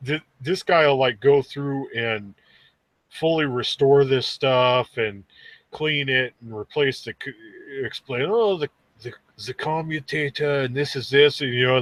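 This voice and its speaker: A man's voice: medium pitch, a bit bright, no echo. A man hosting a casual podcast chat, rambling easily through stories with stammers and restarts.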